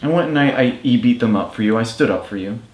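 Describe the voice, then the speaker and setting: A chatty man in a casual couple Q&A, teasing his partner and telling stories with enthusiasm. His voice sits at a middle pitch for a man. The recording has a roomy echo. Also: fast. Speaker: vlogger's boyfriend.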